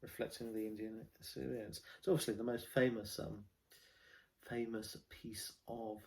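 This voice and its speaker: An English man with a gravelly, slightly creaky voice and a Southern home-counties accent. He hosts a casual poetry vlog. He talks in a rambling way, full of ums and restarts. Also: fairly low pitch, little pitch movement, moderate pace, darkish tone. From England. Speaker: vlog host reading war poetry.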